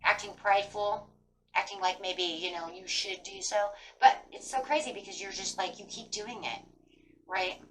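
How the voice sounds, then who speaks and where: A woman's voice: mid-range voice, normal speed, distant mic, a little hiss or hum, low-quality recording. A woman giving a casual tarot reading, rambling and full of fillers like "kind of" and "like". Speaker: tarot reader.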